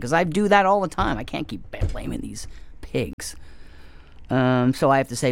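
A man's voice: medium pitch, animated, moderate pace, no echo. A man hosting a comedy show, delivering a rambling, self-mocking monologue with sudden whispered asides. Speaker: comedy show host taking calls.

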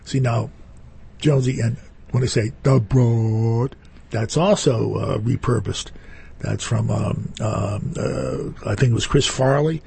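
Gravelly, husky man on live radio. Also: medium pitch, takes it slowly, mellow. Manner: playful, rambling, with many fillers and restarts. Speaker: radio co-host. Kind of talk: casual on-air chat. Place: radio studio.

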